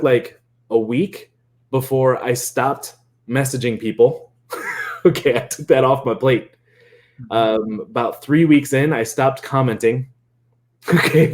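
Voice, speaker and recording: A man coaching on marketing in a casual, animated way, laughing often and acting out quoted chats. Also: medium pitch. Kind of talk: casual explainer.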